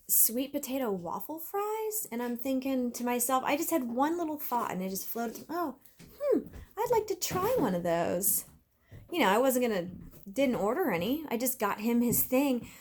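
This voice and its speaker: A woman's voice: on the high side, very animated, unhurried, darkish tone. A woman in her thirties talking casually to camera in a vlog, chatty and rambling with many fillers and restarts. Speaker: vlogger.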